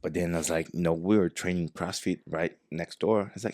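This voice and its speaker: A man's voice: low voice, a little fast, dry recording, studio quality. A man, a jiu-jitsu professor telling a story in casual talk, acting out the dialogue as he goes. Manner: animated, acts out quoted dialogue.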